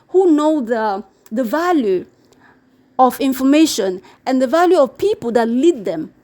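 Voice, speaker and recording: A woman vlogger chatting casually to camera, animated and repetitive, acting out the people she quotes. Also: high-pitched. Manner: animated, repeats words, mimics quoted people. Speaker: YouTube vlogger. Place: living in Brazil.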